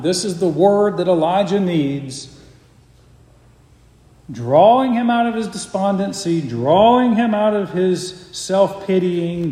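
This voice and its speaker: A man preaching a sermon, reading scripture aloud and explaining it earnestly, sometimes sinking to a soft hush. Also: fairly high pitch. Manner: earnest, drops to a soft hush for quiet moments. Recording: echoey hall.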